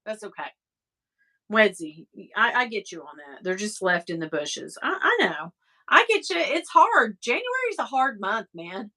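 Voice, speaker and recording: A woman's voice: mid-range voice, sing-song, moderate pace, bright, forceful tone. A middle-aged woman from the American South with a Southern accent, rambling and laughing as she chats with her livestream viewers. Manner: chatty, rambling, laughs often, swears casually. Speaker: livestream host reading chat. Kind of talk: casual chat.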